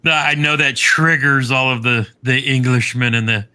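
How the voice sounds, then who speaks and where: A middle-aged man hosting a casual live stream chat, easygoing and halting, chuckling now and then. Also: medium pitch, steady tone, crowd noise.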